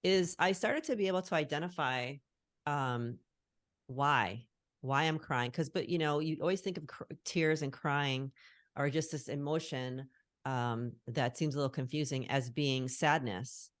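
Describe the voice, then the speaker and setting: Middle-aged woman, strikingly low voice, dry close sound, earnest and reflective call guest. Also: unhurried, dry recording. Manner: earnest, reflective, searching for words. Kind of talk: casual conversation on a call. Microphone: call recording.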